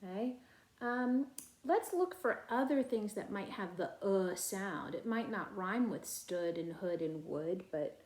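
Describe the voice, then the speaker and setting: A young woman teaching a first grade phonics lesson, patient and clear, stretching out sounds for children to echo. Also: mid-range voice, darkish tone.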